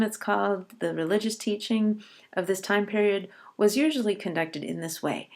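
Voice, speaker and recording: A woman college professor giving a patient lecture on a poem, reading verse lines slowly and deliberately. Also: medium pitch, a little mellow.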